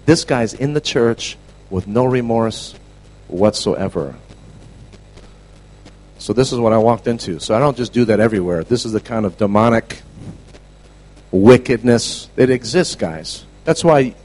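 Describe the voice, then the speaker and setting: A man preaching a storytelling sermon to a class, animated, dropping to a hush and then shouting. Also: mid-range voice, rough recording. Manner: animated, swings from hushed to shouting.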